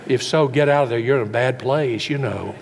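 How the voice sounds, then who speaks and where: Preacher in an echoing hall. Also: male voice, mid-range voice, brisk, creaky, slight background noise. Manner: rhetorical questions and stumbling repeats. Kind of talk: sermon. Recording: long reverb in a hall, faint background.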